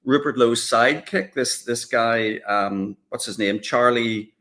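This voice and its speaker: Man, co-host, political chat, halting delivery, fillers, restarts, middle pitch. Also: a bit bright. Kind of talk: casual political discussion.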